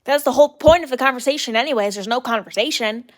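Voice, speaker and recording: A woman's voice: sits high, quick pace. A young woman in a casual solo rant, talking with exasperated mocking asides and lots of "like" and "literally". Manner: exasperated, mocking mimicry of others; casual filler-heavy speech, "like" and "literally". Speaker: podcast host.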